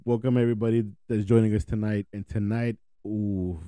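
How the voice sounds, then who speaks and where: A man's voice: on the low side, flat delivery, brisk, mellow, clear, resonant tone, dry recording. A man hosting a podcast in casual, slangy chat from the United States, laughing easily. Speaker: podcast host.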